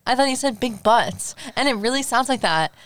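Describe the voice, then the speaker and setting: Co-host, blunt teasing young woman, smooth clear voice, dry close mic. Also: fairly high pitch, lively intonation, fairly quick, fairly bright tone, no room sound. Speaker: podcast co-host. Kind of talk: casual chat.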